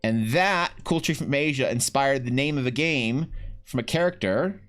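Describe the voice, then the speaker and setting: A man's voice: mid-range voice, lively intonation, moderate pace, fairly bright tone. Rambling man streaming, faint music. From Canada. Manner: rambling, swears freely, many restarts. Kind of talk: casual live-stream chat.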